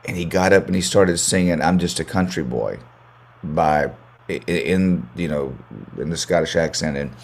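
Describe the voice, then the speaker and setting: A man's voice: low voice, normal speed. An American man, a country singer, chatting as a guest in an interview, rambling and repeating words as he restarts his sentences. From United States. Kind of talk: casual interview chat.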